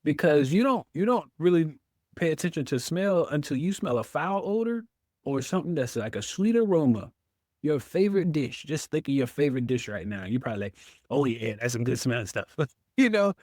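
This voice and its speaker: A man's voice: a little high, sing-song, fairly quick, darkish tone, no room sound, studio quality. A man, a veteran guest telling his story in an interview, acting out his own past words.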